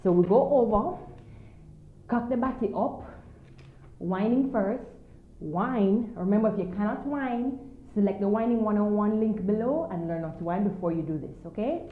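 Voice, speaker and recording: A woman's voice: mid-range voice, moderate pace. A woman teaching a dance move, coaching and counting beats as she dances, a little out of breath. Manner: upbeat, coaching, counts beats while dancing; slightly out of breath from dancing. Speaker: dance instructor. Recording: tinny, phone-like sound in an echoey room.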